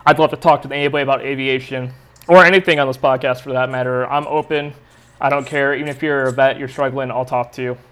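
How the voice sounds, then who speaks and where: A man's voice: medium pitch, fairly even intonation, fast talker, a bit bright. A young adult man hosting a podcast, telling a rambling, profane story in a casual, laid-back way. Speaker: podcast host.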